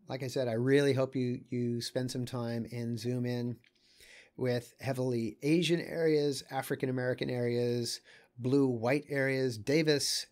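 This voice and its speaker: Halting, casual man. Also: mid-range voice, darkish tone. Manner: thinks aloud, halting, with many fillers and small asides. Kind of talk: casual lecture commenting on maps.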